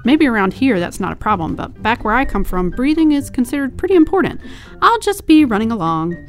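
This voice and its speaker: A woman's voice: a little high, sing-song, fairly quick, faint music behind. A woman reading aloud and lightly voicing a brash, cheeky teenage girl in a storybook. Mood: flippant.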